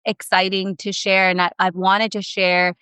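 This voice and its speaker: A woman in her thirties, a podcast guest, telling a personal story in casual chat, animated and emotional, with lots of fillers. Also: mid-range voice, moderate pace, clean tone, no room sound.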